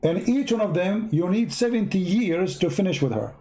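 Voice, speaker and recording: A man's voice: sits high, lively intonation, moderate pace, dark tone. A man with an Arabic accent, a native Arabic speaker, giving sarcastic religious commentary in broken English. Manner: sarcastic, broken grammar, repetitive counting. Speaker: host.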